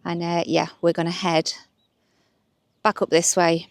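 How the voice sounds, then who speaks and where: In this casual walking vlog, a young woman from north-west England chats to camera on an outdoor waterside path, upbeat and laughing easily. She speaks unhurriedly in a lowish voice with a flat delivery, recorded dry with clean studio sound.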